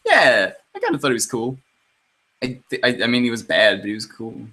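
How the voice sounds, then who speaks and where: A man's voice: medium pitch, huge pitch swings, brisk, sharp tone, low-quality recording. Sarcastic, swearing podcast co-host man. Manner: sarcastic, swears freely, laughs often. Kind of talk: casual chat.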